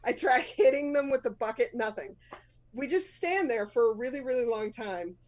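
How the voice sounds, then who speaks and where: A woman's voice: a little high, lively intonation, moderate pace, a little mellow, rough recording. A woman in her fifties with a Boston accent, hosting a live storytelling show, telling a personal story candidly and laughing often at herself.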